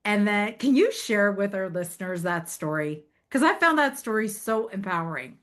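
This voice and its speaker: A woman's voice: mid-range voice, expressive, normal speed. A woman hosting an interview, asking her guest to share a story and affirming him often. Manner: warm, encouraging prompts and frequent affirming interjections. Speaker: podcast host and interviewer. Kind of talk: interview chat.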